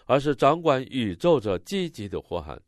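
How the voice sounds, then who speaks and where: A man interpreting a sermon line by line, expressive and rising on the quoted cries. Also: mid-range voice, normal speed, no echo, clean studio sound.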